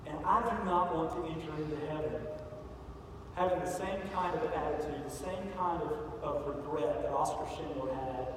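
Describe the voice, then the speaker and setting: A male pastor giving a sermon in a large church sanctuary, telling a story and building to loud, emphatic peaks. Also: a little high, normal speed. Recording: echoey hall from far off, faint noise.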